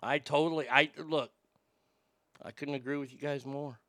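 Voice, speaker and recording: A man's voice: fairly high pitch, steady tone, normal speed, a bit bright, dry recording, clean studio sound. A man hosting a talk show, chatting casually in a blunt, sarcastic and profane way. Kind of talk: casual opinionated chat.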